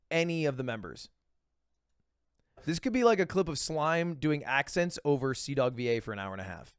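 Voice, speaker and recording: A man's voice: fairly high pitch, no room sound, studio quality. A man streaming from home who chats casually and rambles while joking, trailing off with little filler noises. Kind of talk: casual chat reacting to videos.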